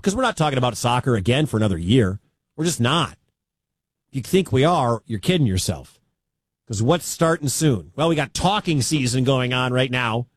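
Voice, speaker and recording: A man's voice: medium pitch, no room sound. A man hosting a sports radio show, talking in an emphatic way and repeating his key points.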